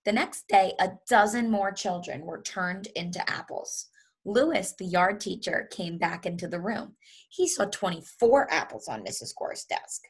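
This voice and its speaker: Brief: woman teacher, children's read-aloud, breathy and expressive. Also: mid-range voice, measured pace. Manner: lively and expressive, with chuckles. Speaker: teacher reading to her students.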